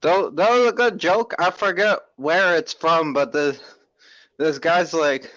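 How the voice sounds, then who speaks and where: A man's voice: fairly high pitch, unhurried, a bit bright, highs cut off. A man hosting his own stream in casual chat. He is laid-back and joking and tends to drawl. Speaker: streamer host.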